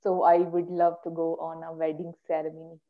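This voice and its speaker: A woman's voice: low voice, monotone. Careful woman on a tinny call line. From Pakistan. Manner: careful, pausing with fillers. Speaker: workshop participant. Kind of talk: casual chat on a video call. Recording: tinny phone-like call audio.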